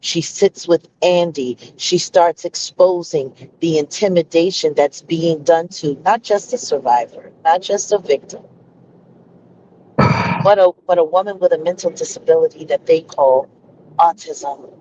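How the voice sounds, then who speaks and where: A woman with a mid-range, mellow and dark voice speaks earnestly and insistently. Her audio comes through dull and lo-fi, as if piped in over a stream. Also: low voice, measured pace, a little hiss or hum. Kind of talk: earnest livestream statement.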